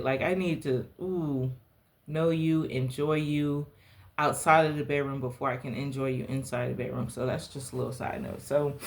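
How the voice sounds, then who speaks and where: A young adult woman from the South Carolina Lowcountry, hosting a podcast and telling a personal story in a candid, animated way. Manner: animated, candid, dramatic pitch swings. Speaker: podcast host.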